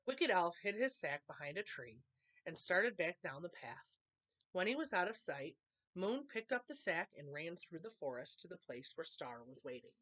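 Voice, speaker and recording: A woman reading a children's picture book aloud with expressive, animated storytelling. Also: on the low side, normal speed. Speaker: storytime reader.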